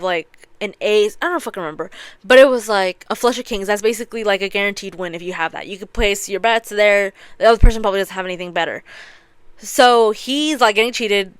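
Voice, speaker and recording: A woman's voice: medium pitch, clear, resonant tone, dry recording. A young woman hosting a podcast, retelling an anime plot in casual chat, swearing freely and acting out the characters' lines. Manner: animated, profane storytelling with acted-out quotes. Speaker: podcast host.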